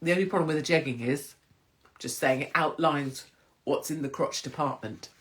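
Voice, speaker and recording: A woman's voice: low voice, moderate pace. A woman hosting a casual livestream chat, cheeky and self-mocking, laughing often. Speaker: livestream host.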